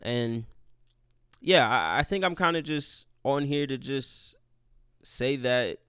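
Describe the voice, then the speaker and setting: A man's voice: medium pitch, lively intonation, slow, bright, forceful tone, clear, resonant tone, dry recording, studio quality. A young man hosting a casual solo podcast, rambling and profane, joking at his own expense. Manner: profane, rambling, self-deprecating. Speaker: podcast host.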